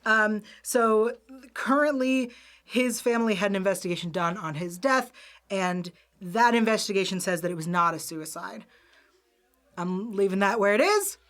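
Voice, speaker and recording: Casting note: woman, co-host, chatty and giggly, mid-pitched. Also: normal speed, fairly bright tone. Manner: chatty, giggly, recaps plots in long run-on strings. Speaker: podcast co-host. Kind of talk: casual TV recap chat.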